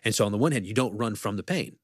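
A man's voice: on the low side, expressive, rapid-fire, no room sound, clean studio sound. A man, a professor and podcast guest, talking earnestly and reflectively in an interview and quoting scripture at length. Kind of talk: conversational interview talk.

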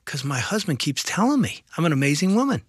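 A man co-hosting a faith and marriage talk show, speaking earnestly in an animated, preacherly way. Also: fairly high pitch, quick pace, breathy edge, no echo, clean studio sound. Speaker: radio show co-host. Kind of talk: casual conversation.

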